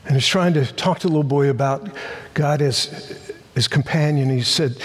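A man's voice: medium pitch, moderate pace, long reverb tail. A man preaching a sermon, reading scripture and stressing key words with rising force. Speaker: pastor.

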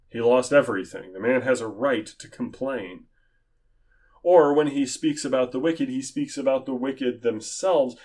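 A man teaching a Bible study sermon in an earnest, measured, explanatory way. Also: mid-range voice, darkish tone.

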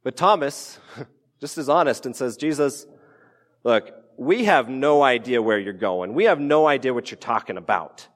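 In a church sanctuary, a male pastor delivers his sermon casually and conversationally, tossing in playful asides and acting out quotes. His mid-range voice has lively intonation and a moderate pace, and the church hall adds a long reverb.

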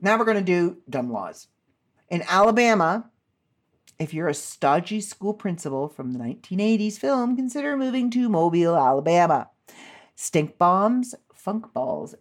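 A woman host in casual chat, reading out odd laws with chatty, amused asides. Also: fairly low pitch.

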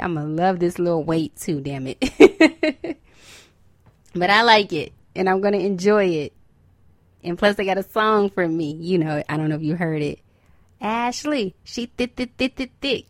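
A woman's voice: fairly low pitch, dry recording. A woman hosting a podcast, talking in an upbeat, chatty and encouraging way and laughing often. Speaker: podcast host. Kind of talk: casual motivational podcast talk.

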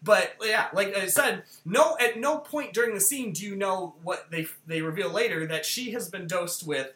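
A podcast co-host recapping a film scene in casual chat, animated and full of fillers. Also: mid-range voice, moderate pace. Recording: roomy echo.

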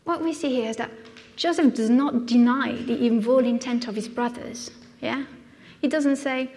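A woman's voice: on the high side, moderate pace, vocal fry, darkish tone, slight background noise. A woman from France, preaching a conversational sermon in a church and often asking "yeah?" as she goes. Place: church hall. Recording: long hall reverb.

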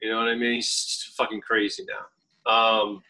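A man's voice: lowish voice, level tone, measured pace, pushed and bright, low-quality recording. A man speaking bluntly and profanely in a casual podcast chat.

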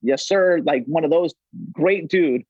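A man's voice: on the high side, a little slow, darkish tone, dry recording. A man in his forties, a podcast guest, telling loose, rambling stories with lots of "like" and free swearing. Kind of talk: casual storytelling chat. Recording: dull, dry lo-fi audio.

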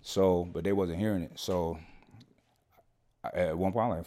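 A man's voice: sits low, steady tone, moderate pace, warm tone. A man, a podcast guest, telling a long personal story in a casual, slangy way, swearing often and checking in with "you know what I'm saying".

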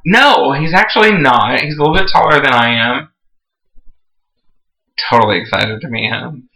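A man's voice: medium pitch, animated, normal speed, creaky, bright, forceful tone. A man chatting casually, telling rambling, gushing stories full of "like". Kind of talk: casual chat, storytelling. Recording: echoey room.

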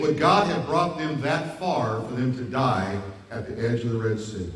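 A male pastor preaching a sermon, pressing his points with rhetorical questions. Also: on the high side. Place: church hall. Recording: very echoey hall, mic far off.

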